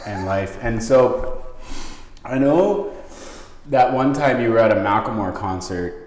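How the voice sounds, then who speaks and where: A man's voice: mid-range voice, lively intonation, unhurried, darkish tone. A man hosting a casual interview, teasing his guest with jokes. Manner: teasing, joking. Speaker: host. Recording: echoey room with long reverb.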